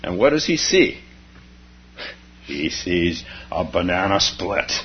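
An older man, a Zen teacher, gives a dharma talk filled with personal stories, chuckling often as he tells them. His low voice is sing-song and slow, heard through a dull lo-fi recording with faint noise.

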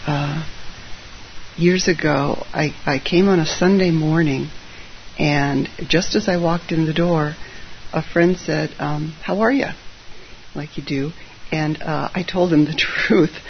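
A middle-aged Zen teacher giving an informal dharma talk, chatty and full of ums, with gentle self-deprecating humor. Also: medium pitch, slow pace. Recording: slightly muffled with faint hiss.

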